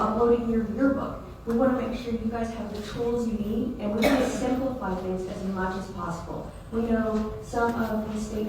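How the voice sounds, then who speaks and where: A woman from Mississippi with a Mississippi Southern accent, giving a friendly, chatty presentation to a live audience. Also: a little high. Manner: friendly, chatty, self-deprecating. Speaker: presenter at a meeting. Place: large meeting hall. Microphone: room mic from a distance. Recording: echoey hall from far off, noisy.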